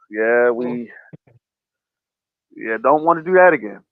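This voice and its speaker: A man's voice: mid-range voice, lively intonation, measured pace, no echo. A man hosting a casual interview, easygoing and given to repeating himself as he tosses in "you know what I'm saying". The sound is dry and close, and squeezed thin like a phone line. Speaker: podcast host. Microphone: remote video call. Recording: dry, tinny phone-like audio.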